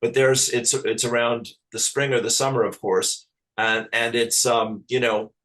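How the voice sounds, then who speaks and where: A man from Ireland, a spiritual teacher talking as an interview guest in a halting, earnest, affectionate way with many restarts. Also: medium pitch, flat delivery, fairly bright tone, low-quality recording. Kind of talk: casual spiritual interview chat.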